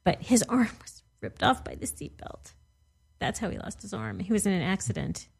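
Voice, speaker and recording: A woman's voice: mid-range voice, wildly swooping pitch, moderate pace, gravelly, husky. A woman in her forties co-hosting a casual podcast chat, laughing often and trailing off mid-sentence. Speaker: podcast co-host.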